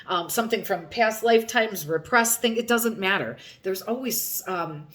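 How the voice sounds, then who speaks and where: A woman who guides hypnosis sessions, recounting one in a conversational, gently explanatory way. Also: mid-range voice, moderate pace.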